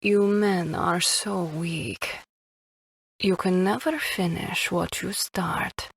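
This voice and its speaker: A seductive female sniper with a Middle Eastern accent, as a man puts her on for an audiobook, her voice husky and gravelly. She purrs her taunts at a very slow, drawn-out pace, in a dry, close sound. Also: sits high, steady tone, fairly bright tone, no echo, pitched above the performer's own voice, full character voice. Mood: taunting. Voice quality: husky, purring. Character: seductive ruthless female sniper, adult woman. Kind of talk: audiobook character voice.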